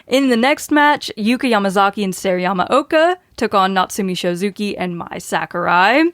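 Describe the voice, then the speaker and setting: A woman's voice: mid-range voice, fairly bright tone, dry recording, clean studio sound. A woman hosting a podcast, running through match results in a casual way and laughing often. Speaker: podcast host.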